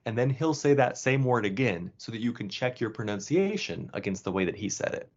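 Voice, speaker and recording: A man explaining pronunciation as a course instructor, in a relaxed, casual way. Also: medium pitch, fairly quick. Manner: casual, with fillers and restarts. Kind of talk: explanatory lesson narration. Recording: dull lo-fi sound.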